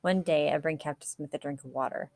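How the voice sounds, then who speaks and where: A woman reading a novel aloud in a measured way, now and then correcting a slipped word. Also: low-pitched, steady tone, darkish tone. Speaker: audiobook reader.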